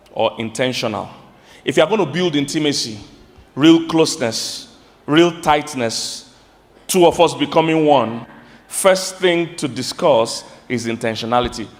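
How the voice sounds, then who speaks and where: A Nigerian man preaching a sermon as pastor, animated, with sudden high outbursts and questions to his congregation. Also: in a large hall.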